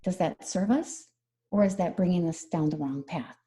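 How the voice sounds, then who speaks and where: Bright-voiced woman coaching on mindfulness. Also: on the low side, normal speed. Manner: earnest, explanatory, repeats key phrases. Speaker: stress management coach. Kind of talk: conversational interview.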